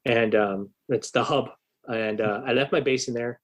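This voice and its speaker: A man guest on a podcast, a bass player, telling a story in a loose, profane, animated way with lots of fillers. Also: normal speed. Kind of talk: casual storytelling chat.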